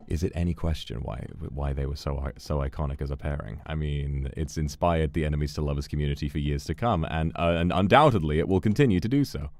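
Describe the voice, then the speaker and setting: Very deep, gravelly male streamer. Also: quick pace, few pauses, no room sound, soft background music. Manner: playful, theatrical, flirty with chat. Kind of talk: casual livestream chat while gaming.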